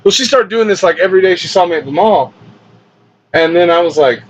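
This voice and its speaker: A man's voice: high voice, lively intonation, a little fast. Man telling a story with crude laughter. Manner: laughs often, swears freely. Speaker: podcast host and professional wrestler. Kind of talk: casual comedic storytelling. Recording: dull lo-fi recording with faint hiss.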